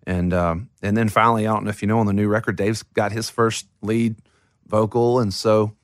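Low-voiced man, rambling interview answers. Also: little pitch movement, fairly quick, no room sound, studio quality. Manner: rambling, lots of restarts and fillers. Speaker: band member interviewee. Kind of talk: casual interview talk.

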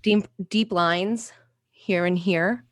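A woman appearing as a guest on an improvised comedy podcast, playing a persona in a matter-of-fact, deadpan way. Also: on the low side, takes it slowly, no echo.

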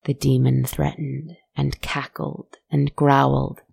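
A woman narrates a scripted spooky story softly and slowly, her hushed voice sometimes sinking into a whisper. Her voice is low, husky and gravelly with heavy vocal fry, mellow in tone, and her delivery flat and unhurried. The recording is close and dry.

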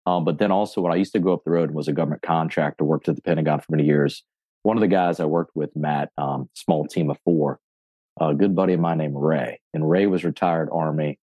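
A man in his forties, a gym owner and fitness coach, telling his story in a podcast interview, animated and casually profane, acting out what people said. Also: a bass voice, a little fast, no room sound, highs cut off. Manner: animated storyteller, acts out quotes, swears casually.

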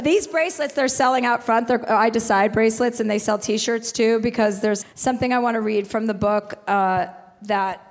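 A woman in her forties, talking frankly and with plenty of profanity as a guest on a stage. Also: medium pitch. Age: 40s. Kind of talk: candid live conversation. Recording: long hall reverb.

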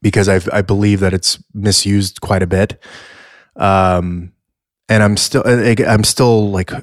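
Low-voiced man in playful casual chat. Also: steady tone, no echo, studio quality. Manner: playful, deliberately drawn-out pronunciations. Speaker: podcast co-host.

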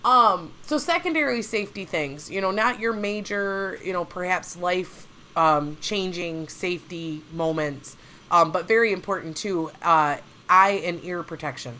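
A woman's voice: fairly low pitch, measured pace, pushed and bright, a little hiss or hum. A woman hosting a casual podcast chat, telling stories in a chatty way and often laughing. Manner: chatty storyteller, laughs often, acts out quotes.

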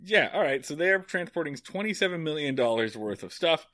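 A man co-hosting a podcast, giving a casual episode recap with wry, deadpan, profane humor. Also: fairly high pitch, fairly quick, dry recording, studio quality. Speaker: podcast co-host.

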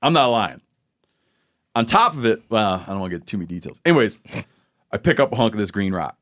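A man's voice: fairly low pitch, expressive, fairly bright tone. A man hosting a podcast, telling a rambling story in casual, joking chat. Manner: storytelling, joking, drawn-out asides. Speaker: podcast host.

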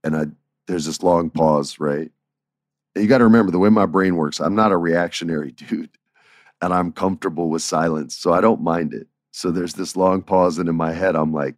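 A man's voice: moderate pace, darkish tone, no echo, clean studio sound. A man in his forties casually telling stories about his old writing job, often laughing and acting out what others said. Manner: laid-back, laughs often, acts out quotes in shifting pitch. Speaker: former writer telling stories. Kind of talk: casual storytelling chat.

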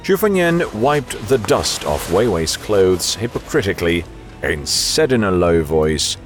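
A man narrating a novel as an audiobook in a measured storytelling manner. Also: sits low, big pitch swings, soft background music.

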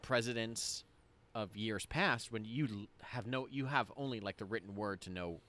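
A man's voice: lowish voice, moderate pace, sharp tone. A man co-hosting a podcast, chatting casually with fillers and jokes. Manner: rambling, jokey, with many fillers. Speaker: podcast co-host. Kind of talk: casual chat.

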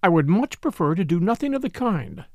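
A blunt, reserved young woman, as a male reader puts her on in a storybook. Her voice is lifted higher than his own, kept quiet and even. The recording is close and dry. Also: fairly quick, no room sound.

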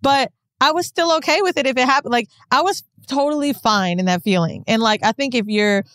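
A woman co-hosts a podcast and tells personal stories in casual chat. She speaks candidly and with animation. Her voice sits fairly high and sounds dry and close to the mic. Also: brisk, fairly bright tone, no room sound. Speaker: podcast co-host.

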